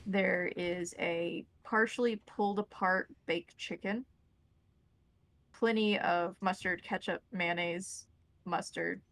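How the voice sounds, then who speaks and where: A woman narrating a tabletop role-playing game as game master, describing scenes in a relaxed, descriptive way. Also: lowish voice, slow, creaky, no room sound, poor audio.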